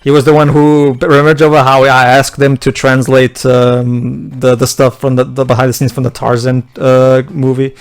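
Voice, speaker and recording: A man's voice: medium pitch, little pitch movement, normal speed, hardly any pauses, clean tone. A man from Portugal, a native Portuguese speaker, chatting casually over gameplay with friends in fluent English, full of stammered restarts and easy laughter. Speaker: let's play co-host.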